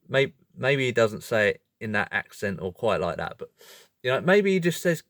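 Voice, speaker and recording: A man hosting a video, explaining in a casual monologue, animated and self-correcting, often breaking into laughter. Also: mid-range voice, a little slow, no room sound, studio quality. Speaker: video host.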